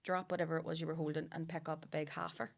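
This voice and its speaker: A woman's voice: deep voice, little pitch movement, racing, vocal fry. A woman with a Northern Irish accent telling stories in casual podcast chat, swearing freely and laughing often.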